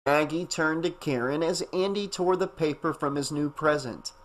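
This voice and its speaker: A man narrating a horror audiobook in a steady, even voice. His voice sits a little higher than usual for a man. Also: moderate pace. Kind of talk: scripted narration.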